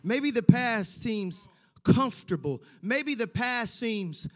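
A man's voice: very high voice, lively intonation, slow pace, fairly bright tone. A man preaching a sermon, stressing points by repeating lines and acting out quoted voices.

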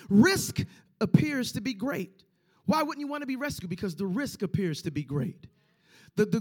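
A man's voice: high voice, a little mellow. A man preaching a sermon, stressing points by repeating lines and acting out quoted voices.

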